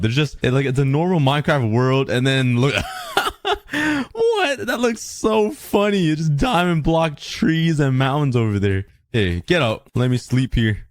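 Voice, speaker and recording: Excitable young man narrating gameplay. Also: medium pitch, no echo. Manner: excitable, laughs often, bursts into shouts. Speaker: Minecraft gameplay creator.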